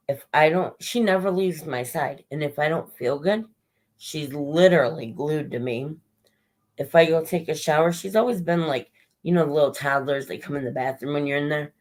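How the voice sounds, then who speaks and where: A woman's voice: deep voice, darkish tone, low-quality recording. A woman talks loosely to her livestream viewers, drifting from one thought to the next and cursing now and then. Her voice is strained, and she runs short of breath as she goes. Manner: rambling, chatty, swears casually, greets viewers by name. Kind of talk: casual livestream chat.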